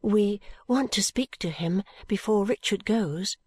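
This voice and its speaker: A woman voicing a shy, tender young woman in love, speaking softly and bashfully, sometimes in a whisper. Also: mid-range voice, measured pace, breathy edge, no room sound. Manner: soft and bashful, often whispery.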